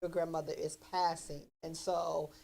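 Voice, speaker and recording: Low-voiced woman in earnest chat. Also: level tone, normal speed, vocal fry, dark tone. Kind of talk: casual chat.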